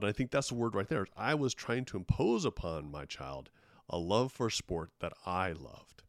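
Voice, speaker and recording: A middle-aged man with a lowish voice hosts a casual chat. He tells a reflective personal story. The sound is dry and close. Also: lively intonation, moderate pace, no echo. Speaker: podcast host.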